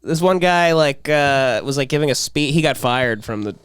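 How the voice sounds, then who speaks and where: A man's voice: medium pitch, expressive, normal speed, fairly bright tone, smooth, no echo, clean studio sound. A man hosting a comedy podcast, joking and acting out voices in casual chat. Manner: playful, acts out voices. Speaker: podcast host.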